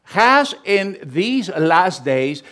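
A man preaching a sermon, reading scripture loudly and emphatically between quieter asides, with small grammar slips. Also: high-pitched, sing-song, very slow. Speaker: pastor.

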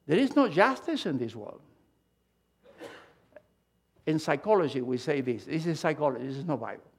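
A man preaching a sermon, emphatic and animated, swinging between loud and hushed delivery with halting restarts. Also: a little high, slightly rough. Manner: halting restarts and repeated words.

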